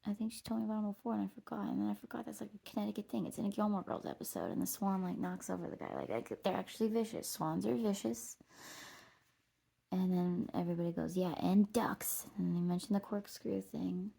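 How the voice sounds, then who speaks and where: A woman with a dark, mellow voice full of vocal fry tells a wandering personal story while out on a trail. She talks loosely and casually, drops a curse here and there, and laughs at herself. Her tone stays husky and low-key throughout. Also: fast talker. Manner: meandering, swears, laughs at herself. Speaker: vlogger. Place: outdoors on a walking trail.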